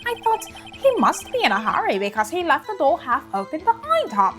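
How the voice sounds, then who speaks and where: A woman's voice: very high-pitched, a little slow, fairly bright tone, faint music behind, voice pushed up. A woman voicing a nervous, stammering male newspaper salesman who testifies as a witness, with an accent that keeps changing. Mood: flustered.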